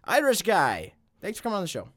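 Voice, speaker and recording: Dude joking around as host, lively pitch, dead dry sound, blanket fort. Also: male voice, quick pace, dry recording. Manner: joking, playful, self-deprecating. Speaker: podcast host. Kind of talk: casual comedic chat.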